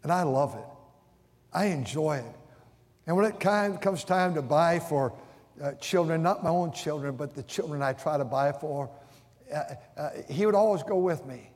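A man's voice: a little high, normal speed, darkish tone. A man pastor preaching a sermon, telling stories and acting out what people said, often restarting and repeating words. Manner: storytelling with vivid acted-out quotes. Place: church sanctuary. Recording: long church hall reverb.

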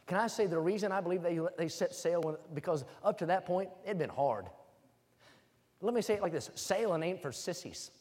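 A man from West Virginia preaching a humorous sermon, joking with the room and calling for amens as he builds to loud, emphatic points. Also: high-pitched, animated, brisk. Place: church hall. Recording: reverberant hall.

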